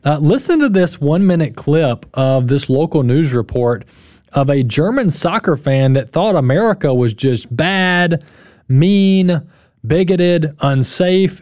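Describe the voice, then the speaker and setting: A man's voice: a little high, lively intonation, unhurried, a little mellow, no echo, clean studio sound. A man hosting a radio talk show, giving conversational, emphatic commentary.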